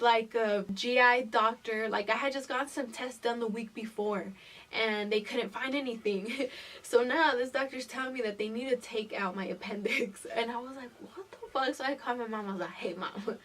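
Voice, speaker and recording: A young woman in her twenties tells a personal story straight to camera, casual, blunt and full of swearing. Her voice sits at an ordinary pitch, and she is recorded a little away from the mic. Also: fairly bright tone, recorded from a distance, a little hiss or hum. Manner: casual and profane, laughing through the story. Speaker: vlogger.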